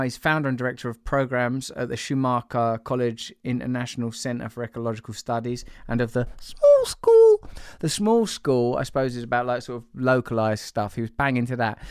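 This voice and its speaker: A man's voice: mid-range voice, a little mellow, clear, resonant tone, no echo, clean studio sound. A man hosting a podcast in loose, rambling chat, teasing his co-host and laughing often. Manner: playful, teasing, breaks into laughter.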